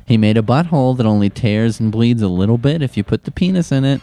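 A man's voice: medium pitch, animated, quick pace, mellow, faint music behind. A young man hosting a comedic advice show, answering letters with sarcastic, profane rants. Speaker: advice-column host.

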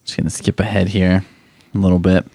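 A man's voice: low-pitched, flat delivery, fairly quick, warm tone, dry recording. A man hosting a podcast, sarcastically mocking other shows and swearing as he goes. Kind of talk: casual commentary.

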